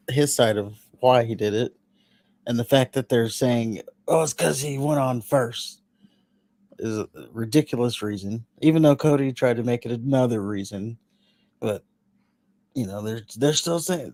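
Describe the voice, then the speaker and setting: A man's voice: medium pitch, moderate pace, mellow, no room sound. A man co-hosting a podcast in casual chat, boastful and joking with his partner. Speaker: podcast co-host.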